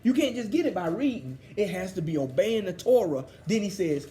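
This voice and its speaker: A man teaching a scripture study, excited and fervent in a preachy way. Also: sits high, brisk, slight background noise. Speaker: Bible teacher.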